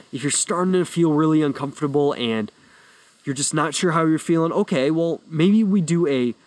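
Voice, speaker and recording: Young guy chatting on his podcast, kinda high voice, rambly and relaxed, dead dry room. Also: dry recording. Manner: loose, rambling, easygoing explainer. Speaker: podcast host and fitness coach. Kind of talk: casual solo podcast talk.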